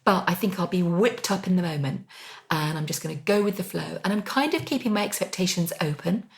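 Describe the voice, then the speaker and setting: A middle-aged woman co-hosts a podcast, talking enthusiastically in a relaxed, kitchen-table style and saying "um" often. Her voice is fairly low and gravelly, and she speaks a little fast.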